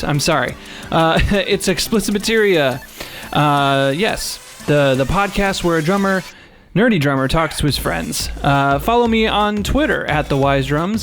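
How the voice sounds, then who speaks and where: Chatty young man hosting a podcast. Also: a little high. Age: young adult. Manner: chatty, laughs often, frequent fillers. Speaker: podcast host. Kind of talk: casual podcast chat.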